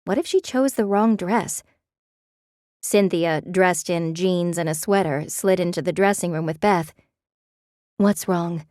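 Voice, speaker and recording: A woman narrating a romance audiobook in a measured, expressive way. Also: on the low side, no room sound, clean studio sound.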